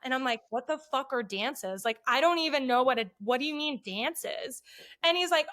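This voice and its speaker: A middle-aged woman telling a story in casual chat, profane and animated, acting out what people said. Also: high voice, brisk. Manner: profane, animated, acts out quotes. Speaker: podcast guest.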